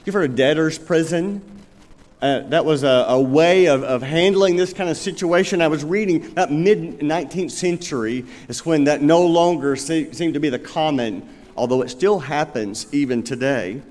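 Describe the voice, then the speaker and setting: A man's voice: on the high side, normal speed, a little mellow. A man preaching a sermon as pastor in a church, earnest and asking his listeners rhetorical questions. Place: church sanctuary. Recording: long reverb of a large hall.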